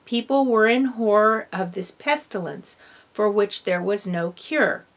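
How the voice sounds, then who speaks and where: A woman reading a first-person children's novel aloud in an expressive storybook narration. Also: mid-range voice, unhurried. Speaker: audiobook reader.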